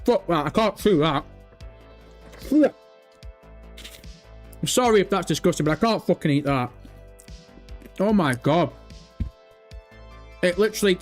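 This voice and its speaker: Nervous, sweary young male streamer. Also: on the high side. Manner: excitable, profane, chatty. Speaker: livestream host. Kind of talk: casual live-stream chat.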